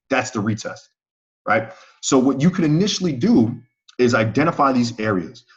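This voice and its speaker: A man teaching price-action trading in a live online webinar, talking conversationally and often checking in with his viewers. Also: mid-range voice. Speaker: trading instructor. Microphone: online call audio. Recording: slightly muffled call audio.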